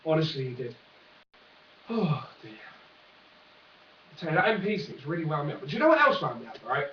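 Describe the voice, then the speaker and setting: A man's voice: a little high, sing-song, brisk, reverberant, far from the mic, muffled recording, slight background noise. Man rambling a jokey vlog. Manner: jokey, sarcastic, meandering asides. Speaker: vlogger. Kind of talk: rambling comic monologue to camera.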